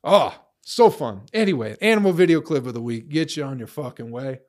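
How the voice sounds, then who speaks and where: A man's voice: mid-range voice, expressive, brisk, darkish tone. A young man in a profane, rambling casual rant, blunt, tossing in "bro" and "you know" often. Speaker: vlogger.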